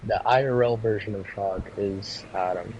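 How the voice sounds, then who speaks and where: A man's voice: fairly low pitch, steady tone, moderate pace, darkish tone, lo-fi sound, a little hiss or hum. A young man in his late teens in casual chat, laid-back and chiming in with short remarks.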